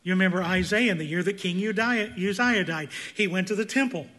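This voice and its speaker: High-voiced male preacher. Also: a little fast. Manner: preaches with swings from loud emphasis to quiet intensity. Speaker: pastor. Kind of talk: sermon.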